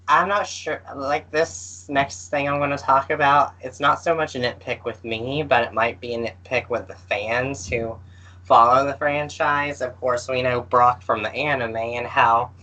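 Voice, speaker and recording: A man's voice: medium pitch, steady tone, bright, forceful tone, low-quality recording. A man co-hosting a podcast in casual chat, hesitant and full of fillers. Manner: slow and hesitant, with many fillers. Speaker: podcast co-host. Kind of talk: casual chat about games.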